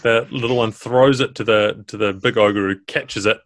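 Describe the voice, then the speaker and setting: A man narrating as game master of a tabletop game, relaxed with fillers. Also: on the low side, normal speed, no echo.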